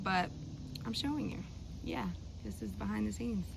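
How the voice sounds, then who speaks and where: A woman's voice: medium pitch, normal speed, vocal fry, heavy background noise. A young woman chatting casually and rambling in a vlog about living in her car, recorded on a propped-up phone. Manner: rambling and emotional, lots of "like" and "y'all".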